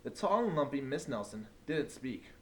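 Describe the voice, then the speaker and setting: A man, a teacher, reading a picture book aloud in an animated storytelling manner. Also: medium pitch, moderate pace.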